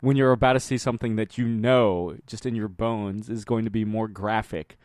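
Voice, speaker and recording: A man's voice: fairly low pitch, fairly even intonation, moderate pace, a little mellow, dry recording, studio quality. A man co-hosting a podcast, rambling loosely through casual chat, laughing often and swearing now and then. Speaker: podcast co-host.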